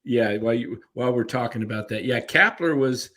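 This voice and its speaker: Man, sports show host, mid-pitched voice, relaxed, measured, reads viewer messages. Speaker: host reading donations. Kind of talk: casual sports talk show.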